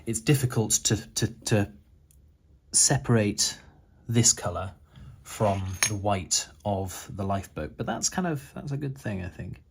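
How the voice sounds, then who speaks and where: Middle-aged guy with a low husky voice, talking through his model build, lots of uh and restarts. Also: expressive, measured pace. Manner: hesitant, with frequent restarts and fillers. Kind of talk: relaxed tutorial voice-over.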